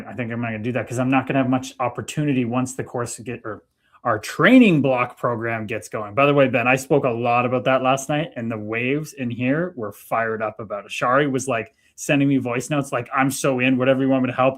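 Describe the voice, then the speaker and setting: A man from Canada hosting a casual livestream, chatting easily and reading out viewer comments. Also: mid-range voice. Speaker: livestream host.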